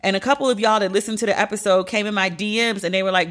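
Woman podcast host, candid pop-culture commentary, blunt and profane, medium pitch with big upward swoops. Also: fairly even intonation, rapid-fire, hardly any pauses, a bit bright. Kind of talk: casual commentary monologue.

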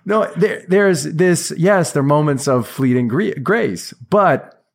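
A man's voice: a little high, expressive, takes it slowly. A man hosting an interview, asking probing questions in a hesitant, filler-heavy way. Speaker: interview host. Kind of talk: conversational interview.

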